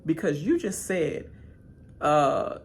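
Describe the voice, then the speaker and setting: A woman giving live reaction commentary to a reality show, slangy and animated, talking straight back at the people on screen. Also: takes it slowly, a little hiss or hum. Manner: animated, pitch jumps high when emphatic. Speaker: reaction channel host.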